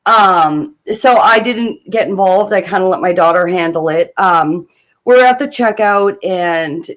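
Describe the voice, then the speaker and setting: A woman's voice: on the low side, measured pace, muffled recording. A woman co-hosting a live stream, telling a story in casual chat, rambling and hesitant with many fillers. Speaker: livestream co-host.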